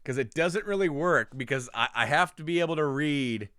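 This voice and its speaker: A man's voice: a little high, lively intonation, moderate pace, fairly bright tone, clean tone, dry recording, clean studio sound. A man co-hosting a podcast, telling a story in casual chat, laughing as he goes and restarting his sentences. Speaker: podcast co-host.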